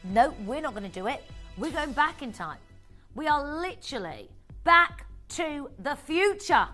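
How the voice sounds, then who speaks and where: Bubbly female TV sales host, bright and high, repeats herself. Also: sing-song, measured pace, soft background music. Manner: bubbly, chatty, repeats phrases. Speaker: shopping channel presenter. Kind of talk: live TV sales pitch.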